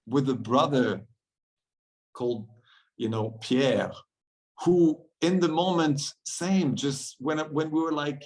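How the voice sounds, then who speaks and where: A man's voice: mid-range voice, poor audio. A man from France, a guest on a podcast, telling stories in an earnest, reflective way and often laughing between thoughts. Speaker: guest, men's circle facilitator.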